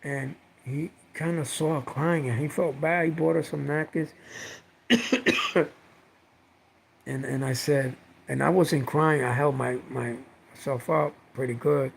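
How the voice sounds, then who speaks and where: A man's voice: fairly high pitch, steady tone, slow pace, creaky, pauses often, slight background noise, poor audio. A middle-aged man vlogging from home, telling a personal story in a rambling, heartfelt way, repeating words and using lots of fillers.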